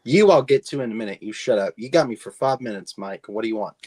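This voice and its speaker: A man's voice: on the low side, lively intonation, quick pace, a little mellow. A man on a podcast roundtable, delivering a brash, combative rant in the style of a wrestling promo. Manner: brash, combative, mock-heel bravado.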